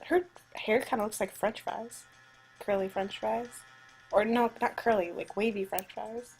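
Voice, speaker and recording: A woman's voice: medium pitch, fairly even intonation, a little slow, creaky, darkish tone, soft background music. A woman giving casual let's play commentary with chatty, joking asides.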